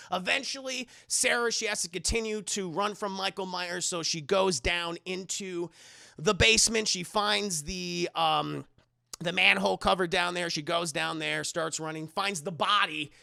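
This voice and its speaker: A streamer casually retelling a story to chat, profane and animated, laughing often. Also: mid-range voice, vocal fry. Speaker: streamer recapping a film.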